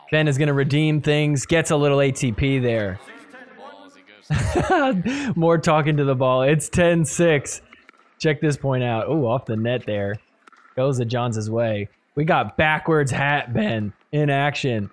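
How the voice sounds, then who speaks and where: A man hosting a podcast, giving animated play-by-play commentary over match replays and laughing often. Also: fairly high pitch, a little slow. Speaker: podcast host. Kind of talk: excited sports recap commentary.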